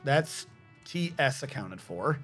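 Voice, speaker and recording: A man's voice: medium pitch, sing-song, slow, fairly bright tone, faint music behind. A man streaming a game live, giving casual, profane commentary and talking to his chat.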